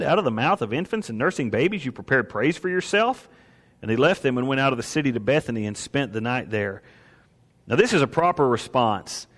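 A man preaching a sermon, swinging from soaring exclamations to hushed asides and acting out the voices of the people in his story. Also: mid-range voice, big-room sound. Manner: acts out voices of priests and merchants. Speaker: pastor.

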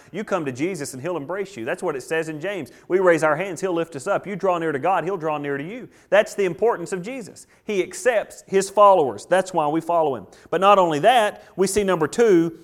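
A man, a pastor, preaching a sermon with rhetorical questions and repeated phrases, reading scripture slowly and deliberately. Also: on the high side, animated.

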